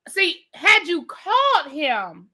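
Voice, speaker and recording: A woman's voice: very high-pitched, sing-song, slow, pushed and bright. A woman hosting a live rant-and-review of a reality show, talking emphatically, repeating her points and swearing freely.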